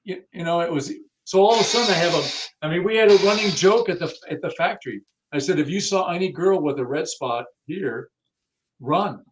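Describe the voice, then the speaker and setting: There's background noise as a man with a fairly high voice talks fairly quickly in an interview about car audio. He's blunt and casual, swears a little, and acts out the people he's quoting.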